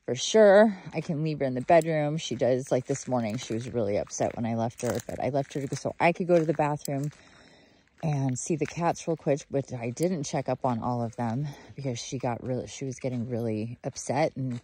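A woman's voice: very deep voice, a little fast, warm tone, breathy edge. A woman vlogging outdoors while walking her dog, chatting in a rambling way with fillers and slipping into sing-song baby talk for the dog. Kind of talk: casual video diary chat.

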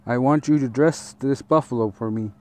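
A man voicing a proud, bossy little male mouse in a slowly read storybook, speaking in a haughty, commanding way. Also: mid-range voice, darkish tone, lightly acted. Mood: boastful.

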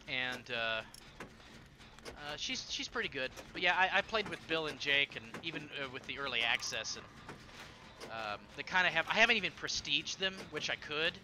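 A man streaming a horror game, chatting casually and rambling with many fillers and sudden excited bursts. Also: medium pitch, slight background noise. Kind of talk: casual gameplay chat.

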